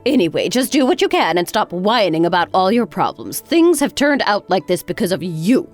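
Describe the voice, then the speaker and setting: A woman's voice: mid-range voice, sing-song, moderate pace, soft background music, lightly acted. A woman voicing a harsh, sarcastic older mother-in-law in a dramatized story. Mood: scornful. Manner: cutting, sarcastic.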